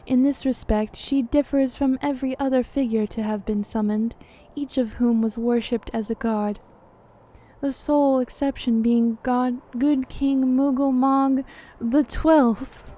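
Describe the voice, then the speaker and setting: A woman voicing a composed young woman leader, reading game dialogue in a formal, measured way. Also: high-pitched, fairly even intonation, mellow. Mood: earnest.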